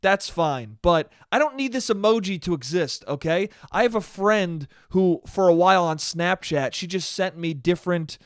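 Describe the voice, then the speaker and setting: A young man hosting his own podcast, ranting in a profane, animated way. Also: high voice, normal speed, hardly any pauses, smooth, dry recording, clean studio sound. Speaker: podcast host. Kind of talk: solo comedic podcast rant.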